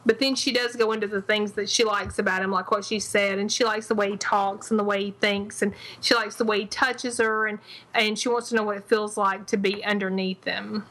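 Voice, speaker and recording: A woman co-hosting a casual TV recap podcast, animated and acting out quoted lines. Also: medium pitch, brisk, poor audio. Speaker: podcast co-host.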